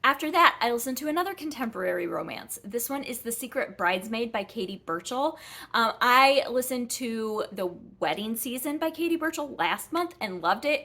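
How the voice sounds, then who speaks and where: A woman's voice: on the high side, sharp tone. A woman chatting casually through her monthly book reviews, rambling with frequent ums and self-corrections. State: a little out of breath.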